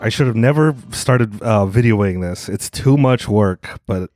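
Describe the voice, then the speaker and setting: A man's voice: on the low side, unhurried, darkish tone, faint music behind. A man hosting a casual podcast chat, joking and bantering with his guest. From Latino. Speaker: podcast host.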